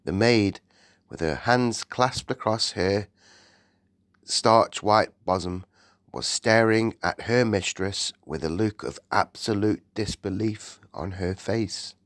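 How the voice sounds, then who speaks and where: An audiobook narrator with a fairly low voice tells a story in scripted narration, slow and expressive. The recording is studio quality with no echo.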